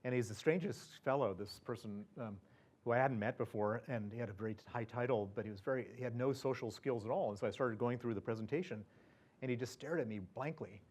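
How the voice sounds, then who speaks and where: A man's voice: medium pitch, fast, a little mellow. A man speaking as a guest at an event, telling a personal story in a chatty way, full of fillers, restarts and chuckles. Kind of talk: anecdotal storytelling to an audience.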